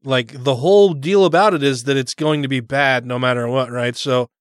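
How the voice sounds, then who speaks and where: A man's voice: medium pitch, normal speed, clean tone, dry recording. Blunt sweary man, dry close sound. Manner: blunt, sarcastic, swears often, laughs a lot. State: has the hiccups. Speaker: podcast co-host. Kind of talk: casual profane banter.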